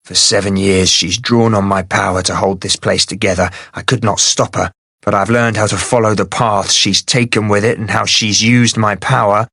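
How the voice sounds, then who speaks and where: A man's voice: lowish voice, steady tone, normal speed, pushed and bright, no room sound, studio quality. A man voicing a stern, powerful captive mage who speaks tersely. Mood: bitter. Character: powerful captive male mancer, stern and sharp.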